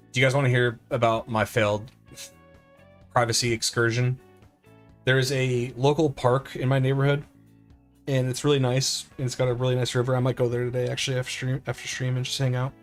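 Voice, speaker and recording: Over soft background music, a middle-aged man streams gameplay and chats casually in a medium-pitched, fairly even voice that runs a little fast. He tells a rambling, self-deprecating story packed with "like" and restarts.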